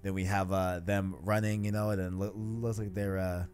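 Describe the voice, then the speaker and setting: This podcast host's voice sits low with little pitch movement, a moderate pace and a slightly mellow, clean tone, with faint music behind him. Reading a comic aloud in a relaxed chat, he rambles with lots of fillers, is self-deprecating and laughs frequently.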